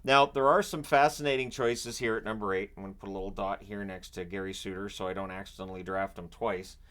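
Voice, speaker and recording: A man's voice: lowish voice, steady tone, quick pace, fairly bright tone. A man hosting his own channel, talking through picks in a loose, rambling way with joking asides. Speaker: hockey channel host. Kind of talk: casual solo commentary. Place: home, washer running nearby.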